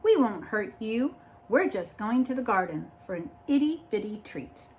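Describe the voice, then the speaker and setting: A woman voicing a bold, boastful boy chick in a storybook, talking in a calm, coaxing way. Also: a little high, moderate pace, slight background noise.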